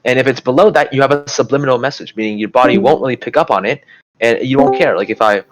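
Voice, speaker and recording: A man's voice: mid-range voice, fast talker, poor audio. A young man giving a casual, rambling study lecture, full of fillers like "you know" and "like", and restarting his sentences often. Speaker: student tutor.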